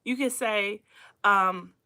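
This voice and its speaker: A woman hosting a casual teaching livestream on relationships, animated and preachy, laughing often. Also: mid-range voice, slow pace. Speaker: host of a relationship talk show.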